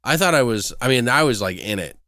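A man chatting on a podcast, his pitch bouncing around a lot as he rambles and swears. He laughs often. The recording is dry and close. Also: lively intonation, fast talker, pushed and bright, no room sound. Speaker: podcast co-host. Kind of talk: casual chat.

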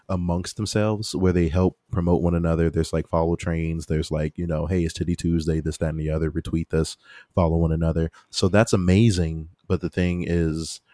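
A man's voice: sits low, mellow, no echo, clean studio sound. A man co-hosting a podcast in casual, rambling chat, laughing often. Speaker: podcast co-host.

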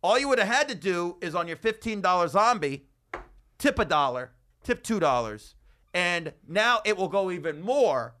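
Male comedian host from Vegas, high bright voice, animated storyteller with a ranting streak. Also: normal speed. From Las Vegas, USA. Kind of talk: casual podcast chat.

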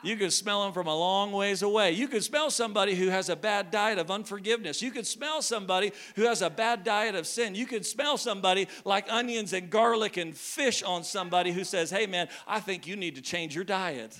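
Young-ish pastor guy, high bright voice, chatty jokey sermon to the church. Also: a little fast, hardly any pauses. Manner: conversational, joking with the congregation. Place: church hall.

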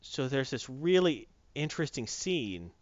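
A man's voice: medium pitch, sing-song, unhurried, no room sound. A man casually reviewing a comic book, retelling it in a rambling, enthusiastic way, in a dull lo-fi recording.

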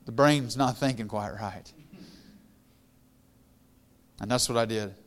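A guest pastor, a middle-aged man, tells his own story in a conversational sermon, getting louder and more fervent as he goes. His voice is fairly low and he speaks slowly.

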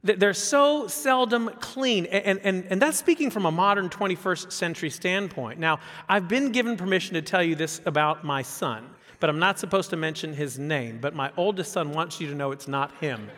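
A man in his fifties preaching a sermon as a pastor, animated, repeating phrases and asking rhetorical questions. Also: a little high, fairly quick, hardly any pauses. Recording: long hall reverb.

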